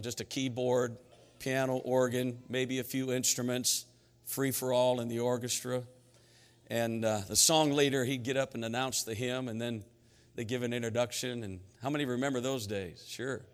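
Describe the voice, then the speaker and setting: A middle-aged man preaching a sermon in a church sanctuary, energetic and emphatic, telling stories between his points. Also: mid-range voice, moderate pace, clean tone. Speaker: pastor. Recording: reverberant church hall with faint music.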